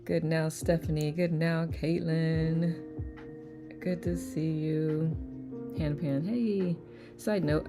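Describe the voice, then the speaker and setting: A woman hosting a live online study session, greeting viewers by name in a relaxed, chatty way with a calming voice. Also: deep voice, vocal fry. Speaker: live-stream host of a letting-go study group. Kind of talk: casual livestream greeting chat.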